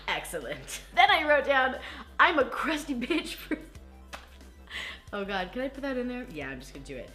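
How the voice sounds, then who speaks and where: A woman recapping a movie in a casual vlog, animated and gushing, laughing and cursing as she goes. Her voice is bright, somewhat high, and swings widely in pitch. Faint music plays underneath. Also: normal speed, pauses often. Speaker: vlog host reviewing movies.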